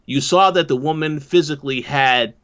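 A man co-hosting a casual talk, speaking in a measured, hesitant way with repeated words. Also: fairly high pitch, a bit bright, clean tone. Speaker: podcast co-host. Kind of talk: casual discussion. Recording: dull lo-fi mic.

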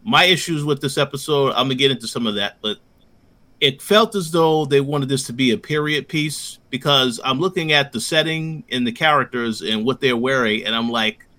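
Bright-voiced man laying out his points. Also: mid-range voice, normal speed. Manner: structured, lays out points one by one. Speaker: podcast co-host reviewing a TV episode. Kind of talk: casual chat.

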